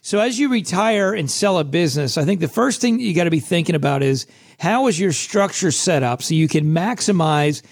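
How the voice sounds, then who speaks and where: A middle-aged man with a hoarse, scratchy voice, hosting a casual solo podcast in a chatty, self-deprecating way. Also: a little high. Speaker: podcast host.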